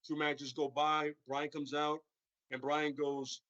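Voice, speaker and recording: A man's voice: fairly high pitch, little pitch movement, slow, fairly bright tone, no room sound, muffled recording. A man hosting a stream, rambling casually about wrestling storylines and tagging sentences with "right?" and "you know what I'm saying?". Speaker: stream host.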